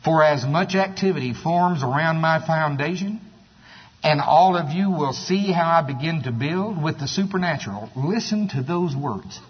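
A man preaching a sermon, animated and exclaiming, sometimes mocking other people's voices. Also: fairly high pitch, moderate pace, breathy edge. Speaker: pastor. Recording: distant hall reverb, dull sound.

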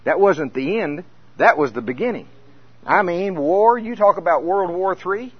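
An older man preaching a sermon, telling a story with animated acted-out scenes. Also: sits high, a little slow, husky, no echo. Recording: dull lo-fi recording.

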